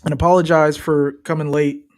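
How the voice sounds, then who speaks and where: A man's voice: on the high side, little pitch movement, fairly quick, a little mellow. A young man chatting loosely and joking as he streams his reactions to a football match. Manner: loose, joking, trash-talking. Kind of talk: casual live-stream commentary.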